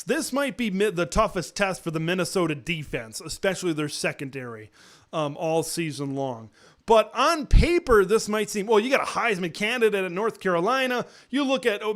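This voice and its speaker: A man hosting a live college football talk show, chatting casually and excitably, with lots of fillers and sudden jumps up in pitch on rhetorical questions. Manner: conversational with frequent fillers and restarts. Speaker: sports talk host.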